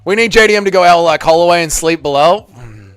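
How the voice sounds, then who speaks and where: A young man hosting a live watch party, reacting loudly to a fight, swearing and shouting at the screen. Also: high voice, fast talker, clear, resonant tone, soft background music. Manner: excitable, swears a lot, yells at the screen.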